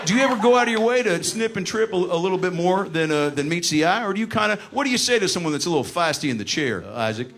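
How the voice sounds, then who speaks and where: A man's voice: high voice, animated, fast talker, hardly any pauses, fairly bright tone. A man doing live stand-up crowd work, teasing audience members with brash, profane jokes. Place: comedy venue with live audience. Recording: live room with crowd laughter and noise.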